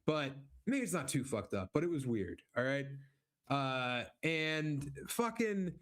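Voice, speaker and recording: A man's voice: a little high, sing-song, takes it slowly, a bit bright. A man in his forties, a comedian hosting a podcast, telling a story in a loose, profane, casual way, full of asides and restarts.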